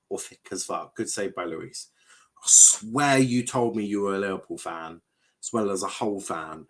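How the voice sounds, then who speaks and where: A young man with a fairly low voice chats casually on a live stream, reading out comments as he goes. He rambles, trips over his words and drops the odd swear. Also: normal speed. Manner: chatty, rambling, swears, stumbles and repeats himself. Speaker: watchalong streamer host.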